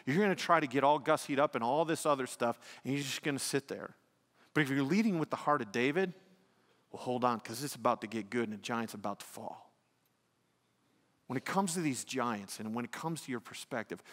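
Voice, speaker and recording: A male pastor preaching an animated sermon, swinging between loud exclamations and hushed emphasis. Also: mid-range voice. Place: church sanctuary. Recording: long reverb of a church hall.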